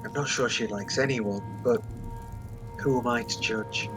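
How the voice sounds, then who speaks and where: A man's voice: medium pitch, fairly even intonation, a little slow, over music, low-quality recording. A man playing his character in a tabletop game, talking in a candid, thoughtful way. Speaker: player.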